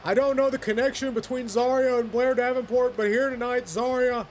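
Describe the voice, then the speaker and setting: A man giving excitable wrestling play-by-play commentary over a video game, shouting at the big moments and dropping wry asides. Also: extremely high pitch, fairly quick, a little hiss or hum.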